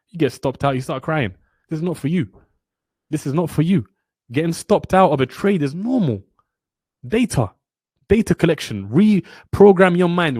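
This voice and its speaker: A young man gives a motivational trading lecture in a blunt, preachy way, driving his points home with passion and repetition. His voice sits at an ordinary middle pitch. The sound is dry and close, with no room echo. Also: a little mellow. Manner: blunt, preachy, passionate, repeats lines for emphasis. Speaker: trading mentor.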